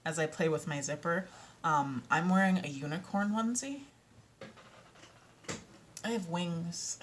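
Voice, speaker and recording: A young woman with a low voice chats to camera from home. She is excitable and giggly and talks in a loose, rambling way. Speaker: vlogger and audiobook narrator. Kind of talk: casual chat to camera. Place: at home, indoors.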